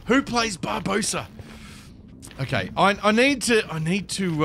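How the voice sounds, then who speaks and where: A man commentating live gameplay, excitable and chattering to the creatures in his game. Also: sits high, measured pace, gravelly, slight background noise. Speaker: gaming streamer.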